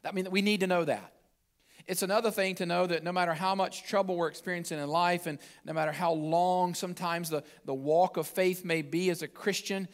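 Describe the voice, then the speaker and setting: A male pastor preaching a sermon in a church, talking casually to the congregation and often restarting his phrases. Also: high-pitched. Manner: conversational preaching with repeated restarts. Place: church sanctuary.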